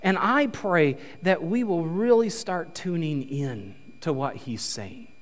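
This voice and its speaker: A male pastor giving a conversational, animated sermon in a church. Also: fairly high pitch, slow pace. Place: church sanctuary. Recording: reverberant church hall.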